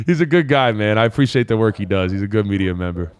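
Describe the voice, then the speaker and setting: A young adult man hosting a live call-in show, breaking down football film in a casual, animated way. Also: fairly low pitch, clean tone, dry recording, studio quality. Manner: casual, animated, voices players' thoughts. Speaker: host.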